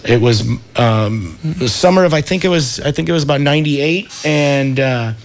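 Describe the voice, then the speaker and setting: Radio talk show guest, thirties, Californian man, relaxed surfer storyteller, higher-pitched voice. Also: normal speed. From Santa Cruz, California. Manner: laid-back surfer talk, lots of dude and like. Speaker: radio show guest, wetsuit company founder.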